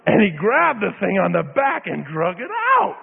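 Lively high-voiced preacher, tinny and echoey. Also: male voice, moderate pace, creaky, slight background noise. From Idaho, USA. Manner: animated, dramatic storytelling with repetition. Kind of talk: sermon with storytelling.

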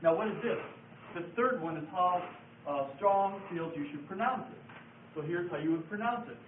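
A man with a fairly high voice gives a patient, step-by-step lesson, repeating his key words. He sounds distant and echoey, as if taped from the back of a room. The sound is thin and phone-like, with a faint hiss underneath. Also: lively intonation, moderate pace. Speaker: Bible study teacher. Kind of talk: classroom lecture with board writing.

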